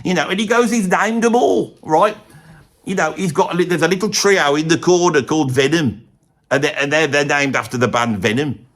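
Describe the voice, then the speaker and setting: A man's voice: on the high side, fairly quick, a bit bright. A man with a Birmingham accent voicing a rambling, blokey older heavy metal fan in a comedy monologue, who keeps losing his thread. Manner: rambling, loses his thread, says bloody a lot. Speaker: comic pundit character.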